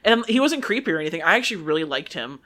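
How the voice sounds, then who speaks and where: A young woman with a bright, sharp voice talks on a podcast. Her delivery is blunt and sweary, full of filler words and loose phrasing. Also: lowish voice, big pitch swings, rapid-fire. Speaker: podcast co-host. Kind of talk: casual chat.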